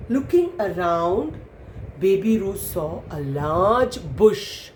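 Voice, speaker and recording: A woman telling a story to children in an animated way, stopping to explain things. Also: mid-range voice, slow pace. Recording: echoey room, faint noise.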